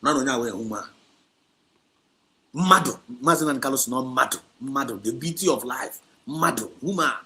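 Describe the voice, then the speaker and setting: An activist livestream host with a Nigerian Igbo accent races along in a pushed, bright mid-range voice. Preaching and scolding with insistent emphasis, he repeats himself heavily and code-switches between Igbo and English.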